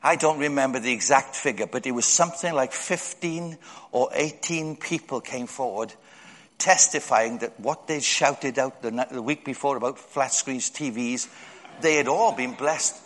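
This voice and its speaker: A man preaching a sermon in a church hall, telling stories and jumping up high to act out other people's voices. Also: normal speed, fairly bright tone. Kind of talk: storytelling sermon. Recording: long hall reverb.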